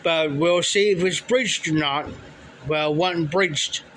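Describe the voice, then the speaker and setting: A man's voice: a little high, slow pace, a bit bright, a little hiss or hum, rough recording. A man casually telling a long story, rambling and repeating "he says" and "I said" as he quotes people. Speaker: livestream storyteller. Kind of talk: casual spoken anecdote.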